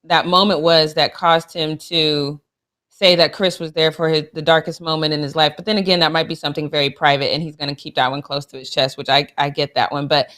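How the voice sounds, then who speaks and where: With a deep, level voice that's a little fast and fairly bright, a woman co-hosts a sports talk show. She's gushing and emotional, laughing frequently and tossing out sassy trash talk in casual sports chat.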